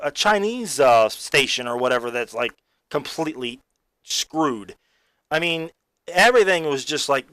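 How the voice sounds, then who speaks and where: An excitable man with a fairly high voice talks through a movie review. He rambles and restarts his sentences, piling on fillers. The sound is close and dry, with no room in it. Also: dry recording. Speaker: film reviewer. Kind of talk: casual spoken review.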